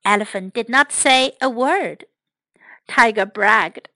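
A woman reading a children's story aloud for English learners, slow, clear and expressive. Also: a little high, dry recording.

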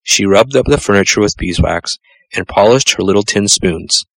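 A man narrating a children's storybook in a measured, gentle storytelling manner. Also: lowish voice, expressive, no echo, poor audio. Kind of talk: storybook reading.

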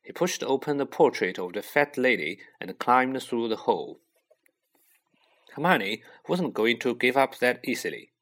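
A man reading a children's novel aloud, unhurried and expressive. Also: medium pitch. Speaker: audiobook reader. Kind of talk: storybook narration.

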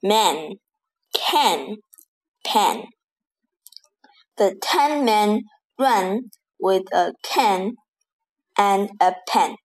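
A woman reading a rhyming-word lesson for children, saying each word slowly and deliberately. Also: medium pitch, expressive. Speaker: teacher reading rhymes.

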